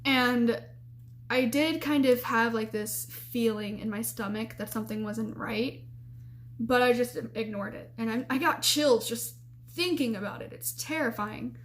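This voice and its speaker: A young woman casually telling a story in a vlog, chatty and animated, with lots of fillers and restarts. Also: on the high side, measured pace.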